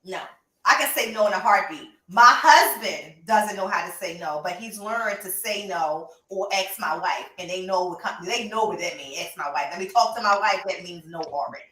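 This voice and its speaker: A woman's voice: medium pitch, normal speed, far from the mic. Emphatic woman, roomy and off-mic. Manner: emphatic, animated storytelling with laughs. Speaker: podcast co-host and reptile breeder. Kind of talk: casual chat.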